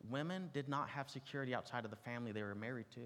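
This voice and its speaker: A man delivers a sermon at a mid-range pitch, talking to his listeners in a relaxed, conversational teaching style with personal asides. His voice rings out with a long reverb from a large hall. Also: very fast. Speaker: preacher. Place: large room with an audience.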